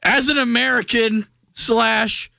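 A man co-hosting sports radio, throwing out deadpan one-liners with mock patriotic pride. His voice is high and bright. The sound is dry and slightly dull, like a lo-fi broadcast. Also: takes it slowly, vocal fry, dry recording. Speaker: radio co-host. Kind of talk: casual sports radio banter.

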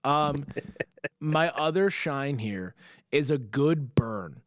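A man's voice: mid-range voice, lively intonation, slow, dry recording, studio quality. A man, a comedian, telling long profane stories in casual podcast chat, with plenty of fillers. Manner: rambling, profane storytelling with many fillers.

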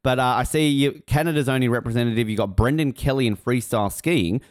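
A man's voice: mid-range voice, fast, clean tone, no echo, clean studio sound. A man co-hosting a sports podcast, joking and rambling with lots of fillers. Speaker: podcast co-host. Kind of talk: casual podcast chat.

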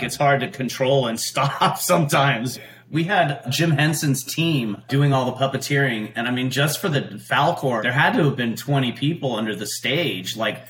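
A man's voice: mid-range voice, a bit bright, slight background noise. A man, an actor being interviewed, talking casually with frequent laughs and rambling restarts. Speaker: guest actor.

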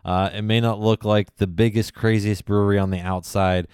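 A man's voice: on the low side, level tone, normal speed, darkish tone, smooth, no echo, clean studio sound. A man hosting a podcast, introducing past episodes in a casual, enthusiastic way with plenty of "uh"s. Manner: enthusiastic, chatty with many fillers. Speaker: podcast host. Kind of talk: casual recap narration.

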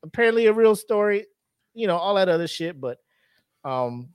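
Animated man telling stories, dry close mic. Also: high voice, normal speed, clean tone, dry recording. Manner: animated storytelling, acts out scenes with bursts of loud voices. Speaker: podcast co-host. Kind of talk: casual chat.

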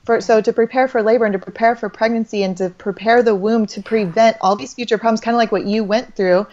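This thirty-something holistic doctor has a fairly high, steady, slightly mellow voice and talks fast. Her casual faith-based conversation meanders, full of restarts and trailing phrases, in slightly dull lo-fi sound.

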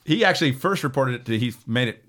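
A man co-hosts a casual podcast and works through a researched list of facts. His voice sits at a middle pitch, and he trips over words now and then. He jokes along the way. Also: expressive, fast talker, a bit bright. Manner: reads a list with jokes and stumbles.

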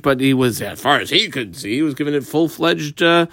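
A man teaching a Talmud page line by line, explaining each phrase and marking up the text as he goes, sometimes quick, sometimes slow and stressed. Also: mid-range voice, animated, a bit bright, no room sound. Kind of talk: page-by-page study lesson.

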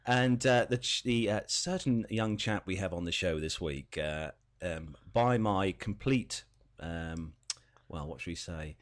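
A man's voice: low voice, expressive, unhurried. A man hosting a podcast from a home kitchen, talking in a rambling, chatty way. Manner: rambling, chatty, laughs often. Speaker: podcast host. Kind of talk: casual chat.

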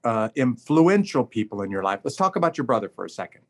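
A man's voice: mid-range voice, very animated, fast talker. A man hosting a podcast interview, asking friendly, playful questions. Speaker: podcast host.

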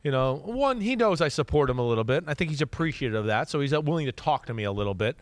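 A man's voice: mid-range voice, very fast, no echo. A man co-hosting a casual football talk show, telling stories and quoting players with many "right?" asides. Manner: animated storyteller, quotes players in his own voice, many "right?" asides. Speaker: podcast co-host and football analyst. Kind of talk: casual chat.

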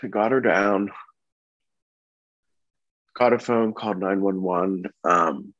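A man telling the story of his wife's death and caring for their baby, speaking in an earnest, halting, somber way. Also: low voice, a bit bright, no room sound. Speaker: bereaved husband and father telling his story. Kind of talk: personal testimony. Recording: dull, dry lo-fi recording.

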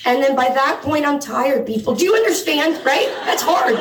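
A woman co-hosts a comedy news segment on stage, joking, acting self-absorbed, and urging the audience to laugh. Her voice is high and animated at a normal speed, recorded from far off in an echoey room.

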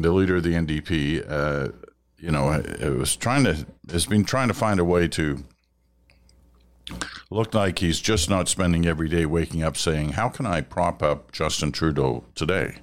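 A man with a very deep voice hosting a relaxed political chat, swinging his pitch widely as he acts out what others said. He is conversational and animated, and has the hiccups right now.

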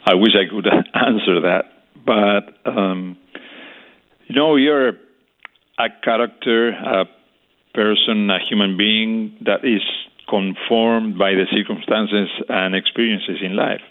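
Older man, halting, over a phone line. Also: on the low side. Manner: halting, searching for words. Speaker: interview guest. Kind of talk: reflective storytelling.

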